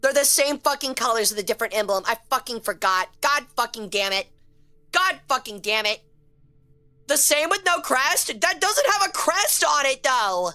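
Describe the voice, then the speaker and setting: Bright high-voiced woman streamer. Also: normal speed. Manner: excitable, swears a lot when frustrated, chats with viewers. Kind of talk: casual live-stream game commentary.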